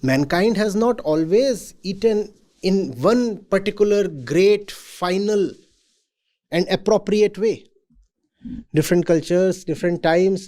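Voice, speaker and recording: A man speaks to a room of students in a calm, deliberate lecture. His voice is mellow and warm, and he lands each point with emphasis before asking a rhetorical question. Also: high voice. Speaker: spiritual teacher. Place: university event hall.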